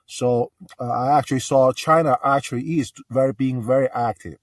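A man calling in to a talk show, speaking earnestly and haltingly, with many pauses and fillers. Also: mid-range voice, steady tone, dry recording, recorded from a distance. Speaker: caller. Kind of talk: casual call-in talk.

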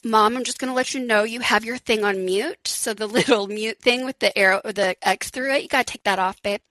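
A woman's voice: on the high side, fairly quick, bright, forceful tone, no echo, poor audio. A woman hosting a live call-in podcast, talking frankly and chattily, laughing often and swearing casually. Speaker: podcast host.

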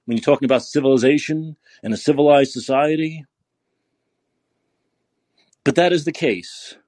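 A man's voice: a little high, moderate pace, a little mellow, no echo. A man hosting a podcast, delivering a profane, sarcastic political rant. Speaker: podcast host. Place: San Francisco.

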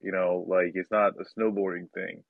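A man hosting a podcast, talking casually with many pauses, restarts and light laughs. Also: deep voice, little pitch movement, no echo. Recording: slightly dull, dry audio.

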